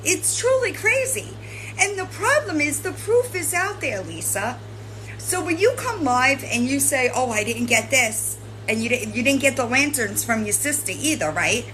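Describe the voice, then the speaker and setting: A woman's voice: high-pitched, sing-song, moderate pace, bright, forceful tone, slight background noise, low-quality recording. A woman host lecturing and scolding someone directly, swearing and tagging her points with "right?". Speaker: commentary channel host. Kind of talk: confrontational commentary addressing a streamer.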